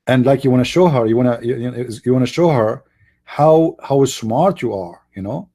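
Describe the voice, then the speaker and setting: A man hosting a live debate show, speaking in a sarcastic, mocking way, somewhat hoarse and coughing now and then, with slightly non-native English phrasing. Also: mid-range voice, animated, normal speed, warm tone. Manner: mocking, sarcastic, mimics voices.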